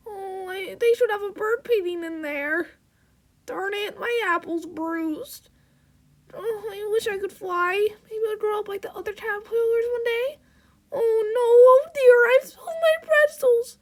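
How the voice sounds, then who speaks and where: A woman voicing a timid, childlike little clown creature that talks in a squeaky, whiny way. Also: measured pace.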